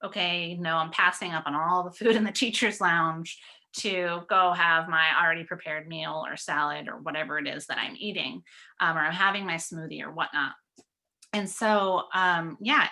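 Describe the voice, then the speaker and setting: A woman's voice: on the low side, fairly even intonation, normal speed, pushed and bright. A woman guest on a webinar, sharing personal habits candidly and casually over a video call and laughing as she quotes herself.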